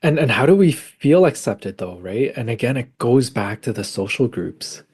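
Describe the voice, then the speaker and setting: Male podcast co-host, psychologist, lively storyteller who plays out both sides of a conversation. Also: medium pitch, normal speed, husky. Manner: animated storytelling, acts out dialogue. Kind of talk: casual conversation.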